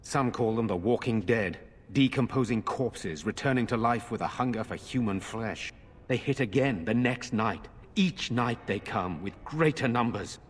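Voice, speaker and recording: An actor playing an earnest nobleman in a video game, speaking in a formal, measured way. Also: medium pitch, slight background noise, close to an everyday voice. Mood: grave. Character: grave noble lord, older brother, earnest man. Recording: long reverb.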